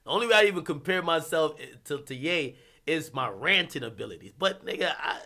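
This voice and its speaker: A man hosting a livestream, ranting about hip-hop in a casual, profane, animated way with bursts of laughter. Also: a little high, brisk.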